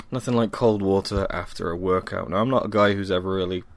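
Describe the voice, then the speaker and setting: With a deep voice over a noisy background, a young Welsh podcast host talks alone at home, tired after working out. He rambles casually, runs himself down, and says um a lot.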